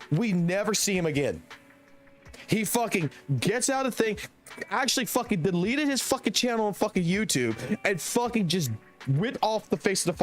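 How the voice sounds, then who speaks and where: A young man streaming live tells a long story full of swearing, his voice sitting fairly high and swinging widely in pitch as he gets worked up. Faint music plays under him. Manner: profane, rambling anecdote with laughs.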